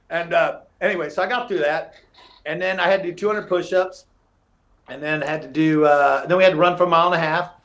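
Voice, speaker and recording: A middle-aged man, telling fight stories as a podcast guest in an animated, casual way, acting out quotes and swearing freely. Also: a little high, fast. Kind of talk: casual storytelling interview.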